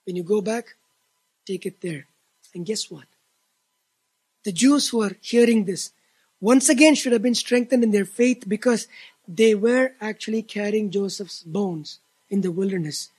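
A man preaching a sermon, reading scripture aloud and explaining it with emphatic restarts and a husky voice. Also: high-pitched, unhurried, darkish tone, low-quality recording. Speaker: pastor.

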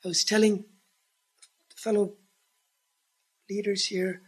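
A man preaching a sermon as pastor, earnest, swelling to emphatic peaks and dropping to hushed tones. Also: high voice, little pitch movement, slow, husky.

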